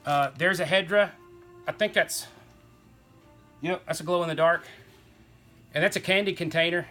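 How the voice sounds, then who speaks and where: Bright, chatty man. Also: fairly high pitch, normal speed, soft background music. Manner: rambling, enthusiastic, folksy. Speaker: toy collector host. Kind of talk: casual show-and-tell chat.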